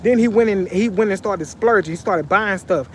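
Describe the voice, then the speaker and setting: A man vlogging, telling a story in casual, animated slang with lots of repetition, sitting on a bench. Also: high-pitched, normal speed, slight background noise.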